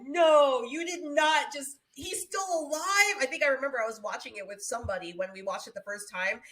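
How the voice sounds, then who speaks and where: A woman's voice: medium pitch, fairly bright tone. A woman co-hosting a podcast in casual chat, telling stories and acting out quotes with big jumps in her voice. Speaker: podcast co-host.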